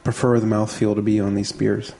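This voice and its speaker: A man's voice: on the low side, little pitch movement, brisk, vocal fry, mellow. A man co-hosting a casual beer tasting show, chatting easily and thinking aloud with small restarts. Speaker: co-host.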